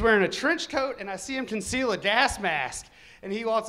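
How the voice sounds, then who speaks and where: Brief: high, bright-voiced man telling a profane comic story live on stage. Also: moderate pace. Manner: animated, profane, self-mocking.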